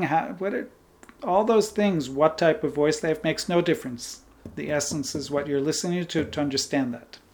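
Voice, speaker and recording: A man giving a spiritual teaching talk on Vedanta. He speaks unhurriedly, chuckles lightly as he explains, and often closes a point with a soft "right?" or "like this". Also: a little high.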